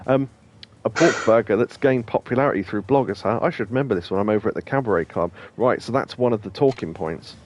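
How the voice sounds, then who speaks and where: A man's voice: fairly low pitch, quick pace, a little mellow, muffled recording. A man hosting a let's play, talking casually and rambling with plenty of ums and asides. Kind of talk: casual gameplay commentary.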